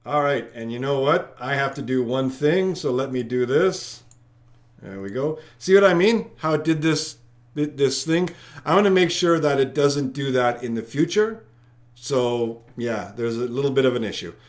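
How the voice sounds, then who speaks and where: A man's voice: medium pitch, lively intonation, moderate pace. A man hosting a live-streamed trivia night, talking chattily and straight to his viewers. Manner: chatty, addressing viewers directly. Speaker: trivia host.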